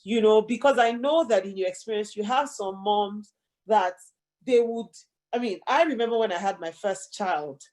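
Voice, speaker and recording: Affirming female interview host. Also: on the high side. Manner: affirming, sums up the guest's points.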